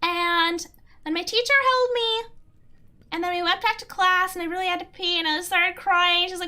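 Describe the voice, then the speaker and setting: A young woman streamer chats casually and answers her viewers, rambling with lots of "like" and breaking into giggles. Her voice sits high and sounds bright. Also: a little fast. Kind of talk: casual chat, reading chat.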